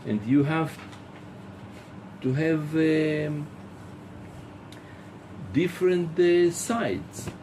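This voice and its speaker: A man teaching as a rabbi in a philosophy lecture, halting with many fillers and acting out little dialogues. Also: a little high, dark tone, slight background noise. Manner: rhetorical, acts out dialogues.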